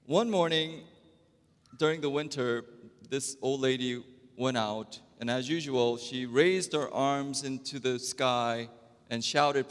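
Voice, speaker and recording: A male pastor preaching a sermon, telling a story at an unhurried pace with wide swings in loudness. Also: medium pitch, in a large hall.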